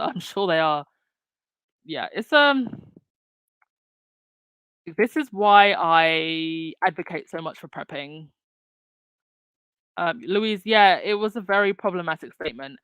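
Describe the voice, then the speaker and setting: A woman's voice: fairly low pitch, animated, slow, pauses often, fairly bright tone, clean tone, no echo. Chatty woman commentator, dry sound. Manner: chatty, many fillers and restarts. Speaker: channel host. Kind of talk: casual commentary.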